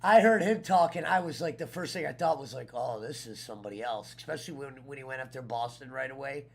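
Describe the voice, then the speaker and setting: A man hosting a casual podcast chat, animated and laughing, stumbling over his words as he tells stories. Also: medium pitch, fast, creaky. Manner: animated, laughing, swearing, repeats himself. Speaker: podcast host.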